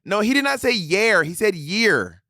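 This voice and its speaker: A man's voice: sits high, sing-song, normal speed, sharp tone, no room sound, clean studio sound. A man co-hosting a podcast, teasing and picking apart his co-host's points. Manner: teasing, precise, argues points. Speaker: podcast co-host. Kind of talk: casual chat.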